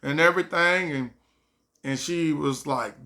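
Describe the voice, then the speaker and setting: A man casually telling a personal story to camera, animated and full of quoted back-and-forth dialogue. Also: high-pitched, moderate pace. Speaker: vlogger.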